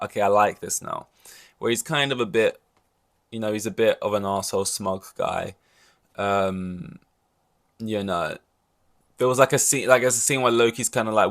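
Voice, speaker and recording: Rambling man with a lowish voice. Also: fairly bright tone. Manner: rambling, loose, peppered with "like" and swearing. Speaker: podcast host. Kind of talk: casual solo podcast chat.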